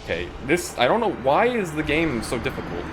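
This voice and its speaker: A man's voice: fairly high pitch, huge pitch swings, a little fast, over music. A man streaming a game and telling rambling school stories in a casual way, with a lot of "like" and frequent laughs. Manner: rambling, laughs often, lots of "like". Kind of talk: casual storytelling while gaming.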